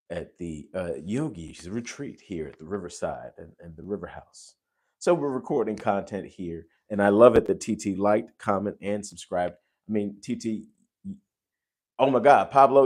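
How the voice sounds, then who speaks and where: A man hosting a relaxed livestream, with a voice that sits a little on the low side. He gushes at his viewers and keeps breaking into sudden loud exclamations. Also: husky. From United States. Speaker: host. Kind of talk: casual livestream chat.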